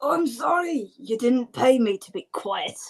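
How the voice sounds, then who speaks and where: A woman's voice: high voice, lively intonation, normal speed, pitched above the performer's own voice. A woman voicing a flustered, polite male traveller.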